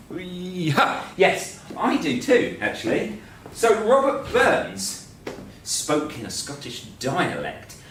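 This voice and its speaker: Slow, playful male teacher in an echoey room. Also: sits high, a bit bright, a little hiss or hum. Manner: playful, joking, talks while drawing. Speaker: teacher presenting a school assembly. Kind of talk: light-hearted assembly presentation. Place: school room. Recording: echoey room, mic at a distance.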